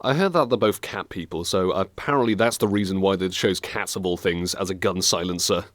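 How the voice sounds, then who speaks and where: A man's voice: deep voice, fairly quick, a bit bright, dry recording. A man hosting a radio interview, asking friendly, chatty questions. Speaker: radio show host.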